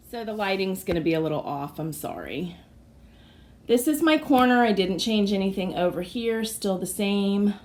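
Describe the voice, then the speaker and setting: Raspy, hoarse woman in her forties. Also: on the low side, a little mellow. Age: 40s. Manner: chatty and apologetic, with frequent fillers. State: hoarse from allergies. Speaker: vlogger giving a craft room tour. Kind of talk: casual home tour chat. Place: craft room and home office indoors.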